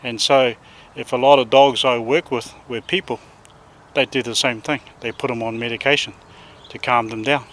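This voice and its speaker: A man with a New Zealand accent, a dog trainer chatting casually outdoors with his dogs and now and then calling loudly to one of them. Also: mid-range voice, steady tone, normal speed. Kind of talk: casual outdoor vlog talk.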